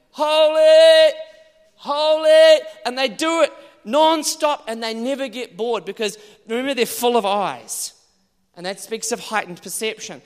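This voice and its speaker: Man, high voice, preacher, animated sermon, loud exclamations, long hall reverb.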